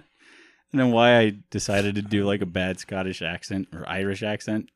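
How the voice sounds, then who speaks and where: A man's voice: on the low side, steady tone, moderate pace, no echo. A young man co-hosting a podcast in casual chat, rambling and laughing often. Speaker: podcast co-host.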